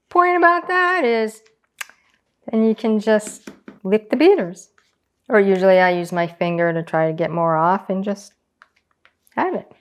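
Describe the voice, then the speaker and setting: A woman hosting a casual home cooking demonstration, chatting and explaining each step as she works. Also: medium pitch. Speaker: cooking channel host.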